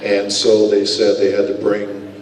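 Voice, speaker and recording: A man, a guest actor at a convention panel, telling stories in a lively, self-mocking way and laughing often. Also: fairly low pitch, a little slow. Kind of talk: casual panel storytelling. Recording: echoey hall from far off.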